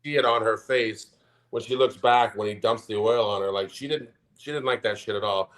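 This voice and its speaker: A man's voice: fairly low pitch, steady tone, fairly quick, a bit bright. A man in his forties co-hosting a podcast, chatting casually in a rambling, profane way and laughing as he talks. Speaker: podcast co-host. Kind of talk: casual chat.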